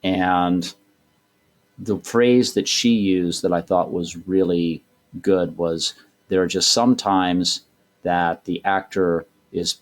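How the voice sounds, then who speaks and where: Middle-aged man, very low voice, thoughtful, rambling interview guest. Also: fairly even intonation, takes it slowly. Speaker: voice director guest. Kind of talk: casual interview talk.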